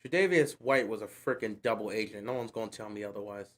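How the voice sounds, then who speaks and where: This streamer's voice is on the low side, and he talks fast as he calls a football game play by play for his live watch-along. His commentary turns into slangy, exasperated rants.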